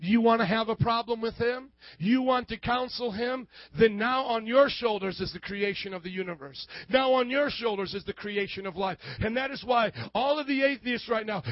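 A man preaches with fervor and a strikingly high voice. He acts out both sides of each argument and builds up to shouted points. The recording sounds muffled and dry, with no room echo. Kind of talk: sermon.

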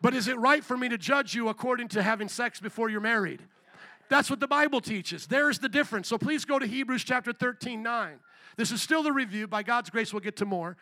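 A man preaching a sermon as pastor, animated and joking, firing rhetorical questions at the congregation. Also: extremely high pitch, fairly quick, no room sound.

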